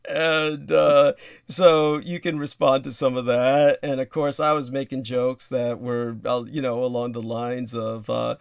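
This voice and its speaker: A man's voice: mid-range voice, level tone, a little slow, vocal fry, smooth, dry recording. A man hosting a casual livestream chat, rambling with lots of fillers and asides. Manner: rambling with many fillers and laughs. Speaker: livestream host.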